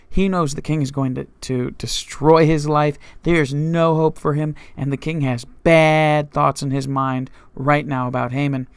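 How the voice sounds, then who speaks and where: A man's voice: a little high, vocal fry, clear, resonant tone, no echo. A male pastor teaching a Bible study, retelling scripture in his own words, with frequent restarts and fillers.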